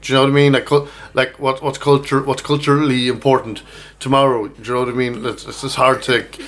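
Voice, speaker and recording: A man's voice: mid-range voice, level tone, fast, fairly bright tone. A man co-hosting a casual pub chat, rambling and restarting his sentences, laughing often. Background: pub crowd chatter.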